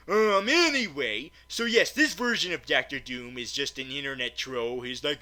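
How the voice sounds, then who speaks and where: A man's voice: medium pitch, expressive, measured pace, few pauses, pushed and bright. A man giving a comedic, rambling movie review, stammering and restarting often and swearing casually.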